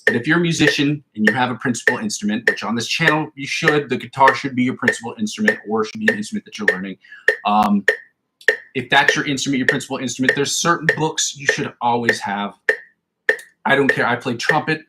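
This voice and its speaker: A man's voice: mid-range voice, brisk. A man hosting a guitar practice livestream, calling out scale positions and tempos, then chatting loosely with fillers and the odd swear word. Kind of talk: casual spoken instruction during practice. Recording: loud background noise with clicks.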